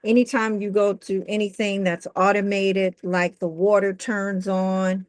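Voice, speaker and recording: A woman hosting a podcast, talking in a relaxed, conversational way with light humor. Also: medium pitch, measured pace, no room sound. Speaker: podcast host.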